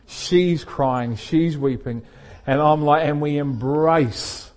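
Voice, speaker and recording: A man's voice: on the high side, slow pace, a little mellow. A middle-aged man, a pastor telling a personal story in a sermon and laughing often as he speaks. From England.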